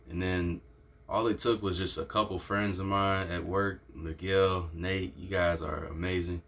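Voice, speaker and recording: A man talking casually in an unboxing vlog, excited and thankful, a little nervous and restarting his sentences often. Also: deep voice. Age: adult. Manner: excited, grateful, halting with restarts. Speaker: vlogger showing his own shoe line.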